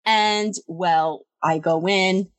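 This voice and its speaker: A young adult woman telling a story in casual chat, animated and swearing freely. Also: extremely slow, no room sound. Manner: animated, swearing, acts out quoted voices higher.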